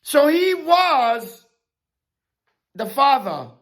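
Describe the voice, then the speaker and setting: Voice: high-pitched, sing-song, extremely slow, a bit bright. A Bible teacher preaching a sermon-style lesson, who asks rhetorical questions and repeats key phrases for emphasis.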